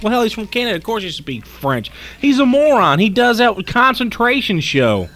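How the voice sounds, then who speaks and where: A man's voice: sits high, sing-song, a little fast, hardly any pauses, bright, forceful tone. A man co-hosting a late-night radio talk show, rambling and joking in a mocking way.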